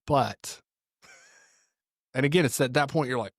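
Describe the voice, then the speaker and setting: A man's voice: medium pitch, rapid-fire, no room sound, clean studio sound. A man who is a pastor and ministry teacher, telling stories in a podcast conversation and acting out what people said. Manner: animated storyteller acting out quotes.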